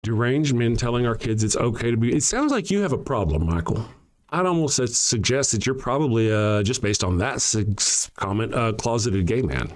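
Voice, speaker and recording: A man's voice: mid-range voice, animated, normal speed. A man hosting a livestream, ranting back at commenters in a profane, sarcastic, confrontational way, often restarting his sentences. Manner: frequent restarts and trailing sentences. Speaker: livestream show host. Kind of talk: heated livestream commentary reading chat.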